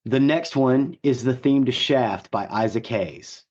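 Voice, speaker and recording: Hoarse, husky man chatting on a podcast. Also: mid-range voice, unhurried, darkish tone, lo-fi sound. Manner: enthusiastic, rambling with many fillers. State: gruff, hoarse voice. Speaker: podcast co-host. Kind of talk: casual chat.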